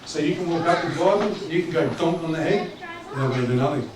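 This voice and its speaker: A man preaches with lively, joking, conversational energy, his voice sitting a touch high. He is heard from a distance in a very echoey church hall with clear background noise. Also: fast talker, crowd noise. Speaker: pastor. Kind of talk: sermon.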